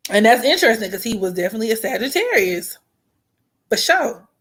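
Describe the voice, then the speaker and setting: Bright-voiced woman telling a story. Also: on the high side, brisk, breathy edge. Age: 20s. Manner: animated, profane, slangy storytelling. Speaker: vlogger. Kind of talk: casual storytime chat.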